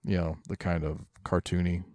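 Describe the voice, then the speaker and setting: A man's voice: low voice, little pitch movement, normal speed, a little mellow, no echo, studio quality. A man co-hosting a podcast, talking casually about comics in a blunt, cynical, profane way. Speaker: podcast co-host. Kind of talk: casual comic-book review chat.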